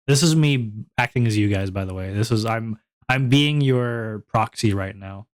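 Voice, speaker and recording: A man's voice: lowish voice, normal speed, hardly any pauses. A male VTuber streamer in casual solo chat, rambling from topic to topic, poking fun at himself and laughing often.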